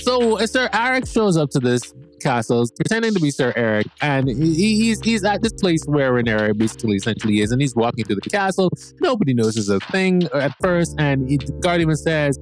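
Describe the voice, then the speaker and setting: A man hosting a podcast with a voice a little higher than most. He talks through a TV episode in an animated, rambling way and swears freely. Soft music plays faintly behind him. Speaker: podcast host. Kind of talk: casual TV episode recap.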